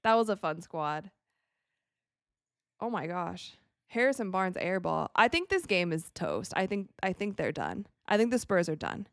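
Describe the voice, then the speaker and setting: A woman's voice: fairly low pitch, unhurried, no room sound. Young woman streamer, casual game commentary, chatty, dry close sound. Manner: chatty, animated, reacting to plays. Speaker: livestream host.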